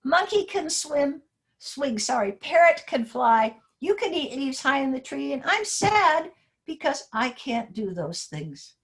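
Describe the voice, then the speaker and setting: A little frog from a children's storybook, downcast and plaintive, as a woman reads him aloud. His voice rises and falls a lot, and the reading is gentle and simple. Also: sits high, very animated, measured pace, pitched above the performer's own voice, heavily acted. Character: small sad young male frog.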